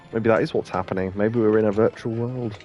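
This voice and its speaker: A man's voice: fairly low pitch, darkish tone. A man co-hosting a let's play, chatting casually and telling rambling anecdotes with plenty of laughs. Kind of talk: casual chat over gameplay.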